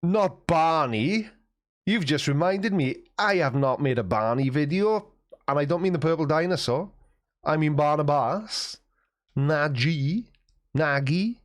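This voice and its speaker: A man's voice: fairly high pitch, animated, normal speed. A man hosting a casual livestream, reading chat messages aloud and answering them with wry, self-mocking banter.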